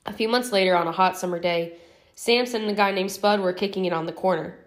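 A woman reading a novel aloud as an audiobook narrator in a steady, even storytelling manner. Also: mid-range voice, fast. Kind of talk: scripted narration.

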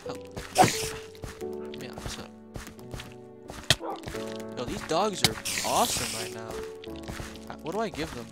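A young man giving casual, slangy gameplay commentary, excitable and often shouting at the game. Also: medium pitch, a little slow, long pauses. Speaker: gaming youtuber. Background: loud background music.

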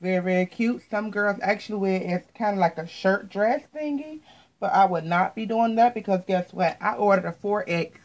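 A woman's voice: medium pitch, moderate pace, low-quality recording. An American woman chatting casually to viewers as she shows off her latest clothing haul, repeating words and often saying "you guys.". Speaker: fashion vlogger.

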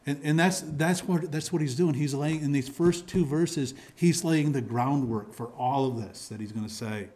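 Man preaching with halting restarts. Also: a little high, a little mellow. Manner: teaching with frequent restarts and repeated words. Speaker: pastor. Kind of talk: sermon. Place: church sanctuary.

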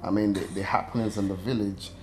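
A man playing a calm, reserved young prince. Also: fairly low pitch, quick pace, faint music behind, natural voice. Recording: echoey room.

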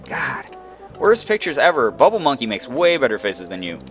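A man's voice: mid-range voice, big pitch swings, normal speed, a bit bright, soft background music. Goofy man joking through a game. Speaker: let's play gamer. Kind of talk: casual game commentary.

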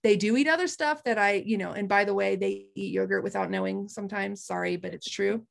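A woman on a video call, walking listeners through a simple recipe in a chatty, animated way and often checking in with them. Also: medium pitch, a little fast, gravelly. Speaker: host presenting a recipe. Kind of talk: casual chat demo.

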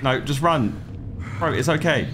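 A man's voice: a little high, unhurried, background noise. A man in his thirties giving let's-play commentary, jumpy and swearing, talking to himself and the game. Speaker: gaming YouTuber.

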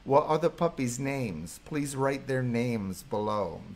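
A man's voice: mid-range voice, expressive, takes it slowly. Effusive male psychologist hosting a live stream. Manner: warm, effusive, reads viewer comments aloud. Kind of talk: live-stream chat with viewers.

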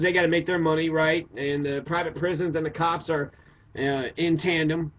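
A man's voice: on the high side, a little hiss or hum. A man from Kentucky giving a blunt, profane, opinionated monologue. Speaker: commentator. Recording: dull lo-fi recording.

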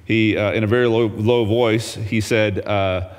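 A man's voice: on the low side, steady tone, measured pace, in a large hall. A man teaching a Bible lesson as a pastor, folksy and humorous, reading scripture aloud.

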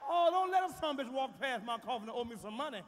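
On a large theater stage, a profane male comic delivers a fast, expressive stand-up set in a high voice, booming and shouting his punchlines. The live stage recording picks up big hall reverb and faint crowd noise.

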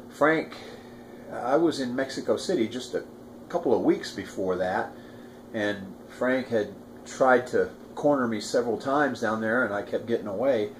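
A man's voice: on the low side, a little hiss or hum. A man in his sixties casually recalling a past event, rambling with restarts and asides. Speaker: storyteller recalling a past crime. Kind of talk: casual first-person recollection.

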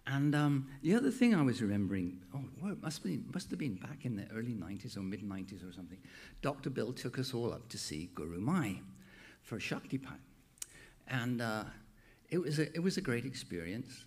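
A man's voice: medium pitch, moderate pace, slightly rough. An older man with an American accent, a minister hosting a Sunday service in a chatty, playful way. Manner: lively, playful, loud call-outs. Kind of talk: warm, chatty service host.

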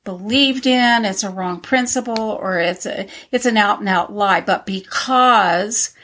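A woman's voice: medium pitch, measured pace, fairly bright tone. A woman co-hosting a casual podcast, speaking reflectively about her own experience and often affirming with short replies. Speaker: podcast co-host.

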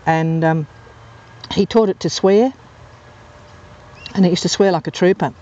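A woman's voice: fairly low pitch, a little slow, dark tone. A woman from England talking casually while filming outdoors on a golf course, rambling through anecdotes with plenty of ums and uhs. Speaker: amateur nature videographer. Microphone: handheld camera mic. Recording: slightly dull, muffled outdoor recording.

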